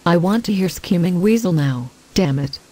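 A man's voice: high voice, animated, moderate pace, a little mellow, slight background noise. A man voicing a pushy female radio caller who makes insistent demands. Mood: demanding.

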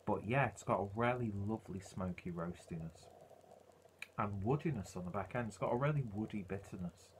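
A man's voice: lowish voice, fairly quick, slight background noise. A man reviewing a beer in a casual, rambling way, full of ums and uhs.

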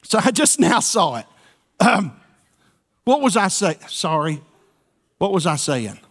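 A man's voice: high-pitched, sing-song, measured pace, fairly bright tone. A man pastor preaching a sermon in a church, folksy and playful, with call-and-response asides to the congregation. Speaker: senior pastor. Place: church sanctuary.

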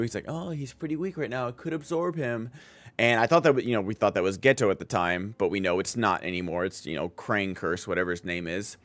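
A man's voice: on the low side, no room sound. A man streaming and chatting casually, enthusiastic and rambling, with lots of filler words. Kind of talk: casual chat.

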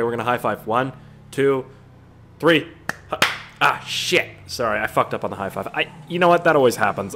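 A man's voice: medium pitch, a little hiss or hum. A young man chatting casually while playing a game, rambling and profane, jumping between stories and the action. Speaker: gaming YouTuber. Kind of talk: casual gameplay commentary.

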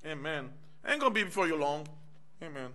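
Very animated and a little fast, a middle-aged minister from the United States delivers a personal testimony sermon in a fairly high, pushed and bright voice. He speaks conversationally to the congregation, frequently calling out "amen" and "y'all."

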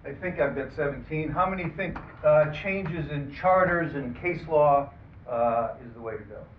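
Man moderating a panel, halting and tinny. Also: fairly high pitch. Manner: halting, many fillers, dry asides. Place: conference room. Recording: phone-like, roomy, distant, faint hiss.

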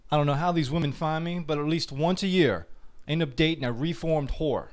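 A man's voice: fairly high pitch, a little fast. Brash man doing a stand-up set. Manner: brash, mocking, acts out quoted voices. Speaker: stand-up comedian. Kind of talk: stand-up comedy routine.

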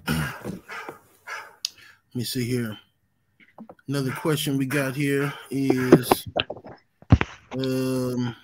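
A man's voice: a little high, a bit bright, dry recording, poor audio. Laid-back man hosting a call-in show. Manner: laid-back, asks guests questions. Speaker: host. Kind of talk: casual chat, hosting.

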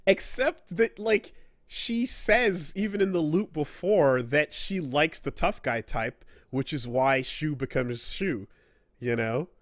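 A man with a fairly high, expressive voice co-hosts a casual gaming podcast, speaking slowly as he rambles, swears, and acts out the characters he quotes. The recording is dry and studio quality.

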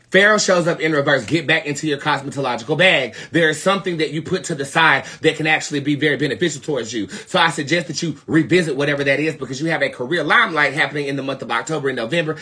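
A young man from North Carolina with a Southern accent, hosting a live tarot reading stream and talking to viewers in a sassy, profane way that swings from loud to muttered asides. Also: on the high side, fast, few pauses, breathy edge. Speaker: tarot reader, live show host.

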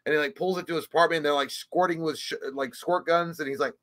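A man's voice: fairly high pitch, fairly even intonation, a bit bright. Crude joking man on a movie podcast. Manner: joking, crude, rambling, drawn-out. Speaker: podcast co-host. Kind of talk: casual chat about movies.

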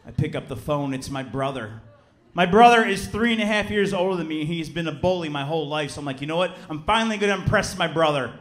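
A man in his thirties from Chicago doing a stand-up comedy set, telling a story with lively acted-out voices and shouted punchlines. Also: on the high side, fast talker, echoey room. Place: theater stage before a live audience.

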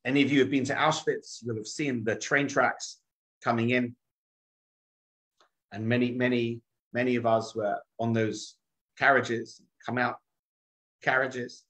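A man's voice: medium pitch, a bit bright, low-quality recording. Middle-aged male rabbi, dramatic storyteller. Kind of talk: storytelling talk.

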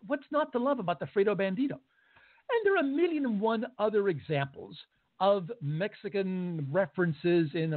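Animated, high-pitched talk radio man. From United States. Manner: animated, emphatic, sarcastic. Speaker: radio talk show host. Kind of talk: opinion monologue. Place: radio studio. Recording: phone-like narrow band.

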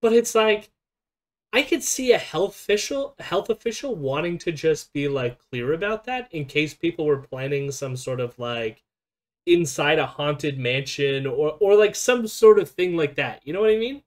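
Animated, rambling streamer. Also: mid-range voice, moderate pace. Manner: rambling, chatty, laughs often. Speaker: stream host. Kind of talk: casual reaction chat.

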